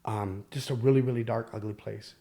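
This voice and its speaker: A man telling his own life story as a podcast guest, candid and halting, with many fillers and restarts. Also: fairly low pitch, steady tone, gravelly, warm tone. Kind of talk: personal storytelling.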